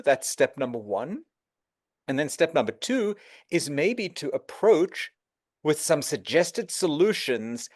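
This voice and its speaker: Guest: animated man, slightly higher voice, close dry mic, tells stories with voiced quotes. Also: dry recording. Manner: animated storyteller, acts out quotes. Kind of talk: conversational interview.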